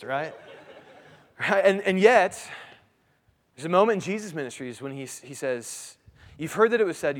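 A man's voice: high voice, lively intonation, brisk, a bit bright. A man in his thirties preaching a sermon in a conversational way, restarting phrases and asking his listeners "right?". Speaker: pastor. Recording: long hall reverb.

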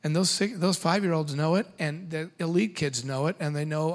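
A middle-aged man giving a humorous seminar talk to parents, animated and quick with joking asides. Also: on the high side.

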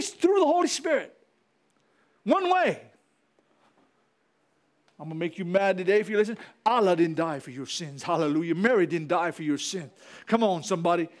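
Pastor, male, fiery sermon delivery, very high and lively pitch. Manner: fiery preaching with repetition and calls to the congregation.

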